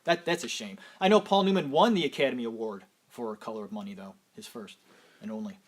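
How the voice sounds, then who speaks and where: A man's voice: medium pitch, quick pace. A man casually chatting as a podcast host, enthusiastic and rambling, with the odd swear. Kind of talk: casual chat.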